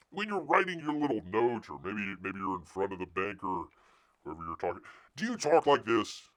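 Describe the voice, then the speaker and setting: Man ranting with wildly swinging pitch. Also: moderate pace. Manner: animated ranting, swings from loud outbursts to muttered asides. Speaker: livestream host. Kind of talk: casual live-stream commentary.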